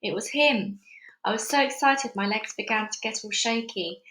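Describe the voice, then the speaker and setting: A woman's voice: a little high, moderate pace, a bit bright. A woman at home reading a children's book aloud as narrator, casual and chatty between chapters. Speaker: read-along narrator. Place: busy house. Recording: echoey room at home.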